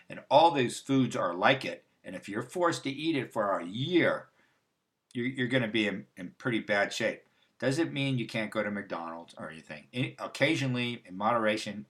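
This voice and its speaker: A man's voice: fairly low pitch, lively intonation, moderate pace, a bit bright. A man hosting a casual livestream, talking in a loose, rambling way with restarts and asides. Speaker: host. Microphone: livestream mic.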